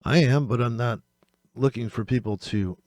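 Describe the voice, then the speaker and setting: This man runs a trading channel and rants with exasperation, swearing freely and quickly as he dissects other traders' videos. He has a medium-pitched, darkish voice, and the recording is dry and studio quality.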